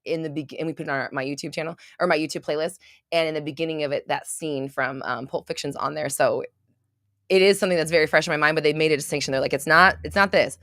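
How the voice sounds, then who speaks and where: A woman hosting a casual livestream and doing intuitive readings for her chat, rambling, swearing freely and breaking into loud laughter. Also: low voice, fairly even intonation, fast, dry recording, clean studio sound.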